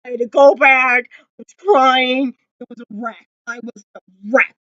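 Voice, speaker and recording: Woman vlogger, casual gushing fan recap, high voice, dry slightly lo-fi home recording. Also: fairly even intonation, unhurried, a bit bright, no room sound. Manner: gushing, emotional fan talk with many fillers; close to tears at times. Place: indoors at home.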